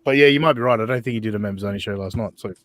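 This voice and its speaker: A man's voice: on the low side, racing, no echo. A man hosting a podcast, chatting loosely and swearing as he reads chat and banters with guests. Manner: loose, profane, laughing banter. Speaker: podcast host.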